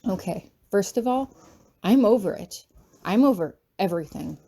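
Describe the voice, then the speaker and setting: A woman reading a first-person story aloud as an audiobook. Her narration is expressive and dramatic, and her voice sits at a middle pitch. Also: moderate pace, gravelly. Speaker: fanfiction reader.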